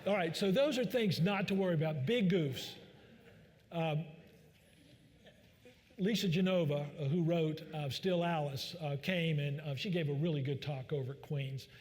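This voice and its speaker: A man's voice: a little high, normal speed, darkish tone. A man, a doctor, giving a joking, folksy public talk full of fillers in a large church hall. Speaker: physician speaker. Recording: long reverb of a large hall.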